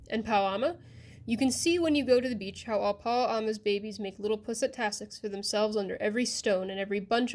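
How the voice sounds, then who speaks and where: A woman reading a classic children's fable aloud, expressive and addressing the listener directly. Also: on the high side. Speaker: storyteller.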